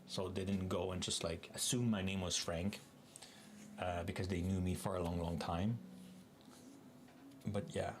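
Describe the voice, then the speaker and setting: A man's voice: deep voice, fairly even intonation, measured pace, long pauses, background noise. A man with a French Canadian accent, a native French speaker, chatting casually and rambling through asides while hosting a live coding stream.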